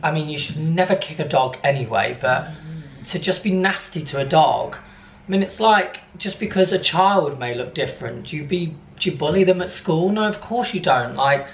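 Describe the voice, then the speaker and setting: A young man vlogging in a casual, animated way, telling an upsetting story. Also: fairly high pitch, moderate pace, slight background noise. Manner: animated, upset storytelling, cooing softly to his dog. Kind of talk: casual vlog chat. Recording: echoey room.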